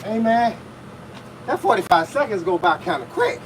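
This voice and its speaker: Breathless, high-voiced boxing coach grunting through punches. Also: male voice, sing-song, moderate pace, slight background noise, poor audio. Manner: grunts with each punch between short spoken cues. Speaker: fitness coach. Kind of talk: live boxing workout coaching.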